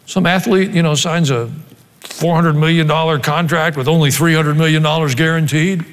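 A man preaching a sermon as pastor, reading scripture and adding dry joking asides in an animated way. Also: on the high side, moderate pace. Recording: long hall reverb.

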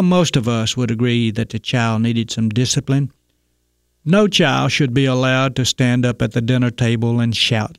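Male radio host, measured folksy storytelling, dry close studio sound. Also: medium pitch, dry recording. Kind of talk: scripted radio commentary, storytelling.

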